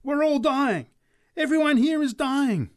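A woman's voice: low-pitched, sing-song, measured pace, darkish tone, no echo, clean studio sound, pitched above the performer's own voice. A man reading aloud, voicing a fervent female street preacher who cries out prophecies. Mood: ecstatic.

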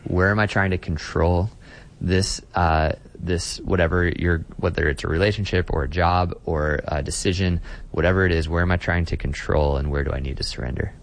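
Low-voiced pastor, earnest and reflective. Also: male voice, fairly even intonation, normal speed, slight background noise. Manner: earnest, reflective, frequent restarts. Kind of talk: conversational interview guest.

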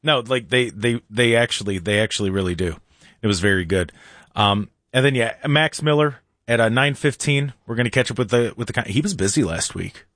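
A man's voice: mid-range voice, fairly quick, a bit bright, dry recording, studio quality. A man hosting a morning talk radio show, chatty and laughing often, now and then mimicking other voices.

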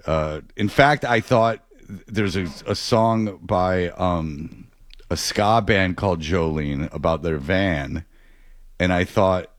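Low-voiced man rambling in casual chat. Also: slow, no room sound. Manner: rambling, self-interrupting.

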